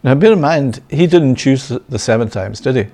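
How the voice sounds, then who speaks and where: A man's voice: mid-range voice, lively intonation, brisk, dark tone. Man teaching scripture, frequent "yeah?". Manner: checks in with frequent "yeah?" and "right?", chuckling. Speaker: Bible teacher. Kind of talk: sermon-style Bible teaching.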